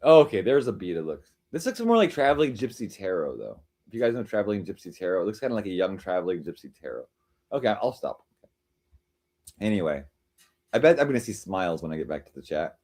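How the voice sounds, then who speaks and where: A man's voice: low-pitched, big pitch swings, fast, darkish tone. A man hosting a live stream, chatting casually with viewers and reading their comments, rambling and teasing as he jumps from joke to joke. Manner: rambling, teasing, jumps between jokes and chat replies.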